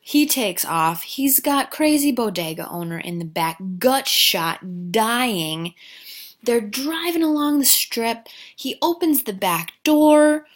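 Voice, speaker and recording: A woman's voice: a little high, expressive, slow pace. A woman comically recapping a movie plot, full of sarcastic, profane asides.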